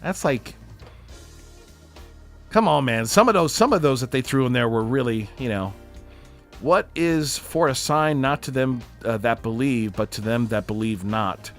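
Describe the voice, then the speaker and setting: Male co-host, casual and animated, faint music behind. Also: medium pitch, a little slow. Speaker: livestream co-host. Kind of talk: casual chat.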